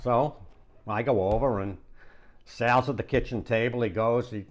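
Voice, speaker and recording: A man's voice: mid-range voice, steady tone, moderate pace. A man, a landlord and real estate investor, telling an anecdote in a casual, conversational way with frequent chuckles. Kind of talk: anecdotal storytelling.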